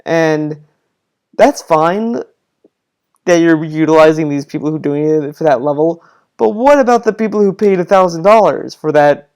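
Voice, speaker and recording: A man's voice: on the high side, normal speed, a little mellow, clean tone. A young man giving casual critical commentary on a video, rambling and skeptical, with frequent restarts. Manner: rambling, repeats himself, restarts often, frustrated skeptical tone. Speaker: commentator reacting to a streamer's video.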